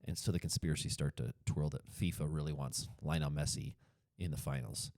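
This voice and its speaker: A man's voice: extremely low pitch, steady tone, brisk, creaky, a little mellow, dry recording, clean studio sound. A man with a Colorado accent, co-hosting a podcast in casual chat, rambling and correcting himself as he goes. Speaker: podcast co-host.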